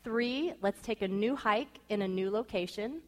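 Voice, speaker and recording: A woman in her thirties or forties, speaking to an audience of wives with lively storytelling and acted-out quotes. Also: mid-range voice, normal speed. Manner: animated, acts out quoted voices. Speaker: speaker giving marriage advice to wives. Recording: long reverb of a hall.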